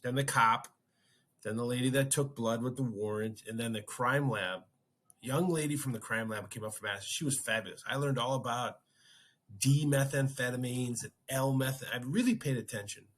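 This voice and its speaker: A man's voice: medium pitch, normal speed, a bit bright. A man hosting a podcast, casually telling a story and acting out his own reactions. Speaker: podcast host.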